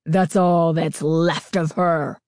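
A menacing masked girl, as a woman reader puts her on speaks in a deep, throaty rasp. Her words come slowly and coldly, low in pitch and dark in tone. The sound is close and dry. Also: steady tone, dry recording. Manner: slow, growling and threatening.

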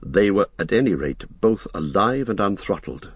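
Husky deep-voiced male storyteller. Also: no echo. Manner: measured storytelling with lively voicing of characters. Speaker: audiobook narrator. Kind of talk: scripted narration.

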